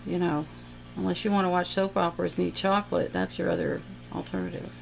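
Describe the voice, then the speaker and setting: A woman's voice: on the low side, fairly even intonation, quick pace, gravelly, slight background noise, rough recording. A middle-aged woman giving a casual, playful step-by-step painting lesson, chatting and making little sound effects as she paints. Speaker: painting teacher.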